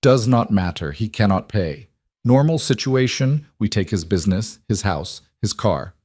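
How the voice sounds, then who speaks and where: A man's voice: fairly low pitch, normal speed, dry recording, studio quality. A man voicing a tall, coldly courteous mob enforcer with a thick Eastern European accent and broken English. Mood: menacing. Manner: broken English, calm and menacing.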